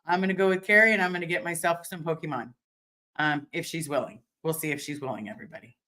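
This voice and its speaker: A woman's voice: sits low, quick pace, bright, forceful tone. Young woman, casual livestream host at home, candid and chatty, lots of restarts. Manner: candid and chatty, swearing, many fillers and restarts. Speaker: livestream host answering viewer comments.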